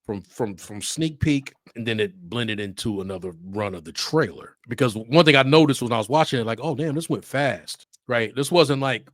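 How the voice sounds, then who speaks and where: A man co-hosting a casual chat, eager and quick to chime in. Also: mid-range voice, a bit bright, no echo, studio quality. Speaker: podcast co-host.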